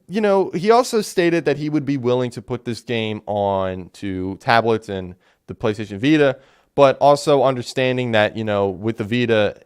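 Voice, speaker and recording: Smooth-voiced man rambling about games. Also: medium pitch. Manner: rambling, animated, many fillers and restarts. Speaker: podcast host. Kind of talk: casual solo game talk.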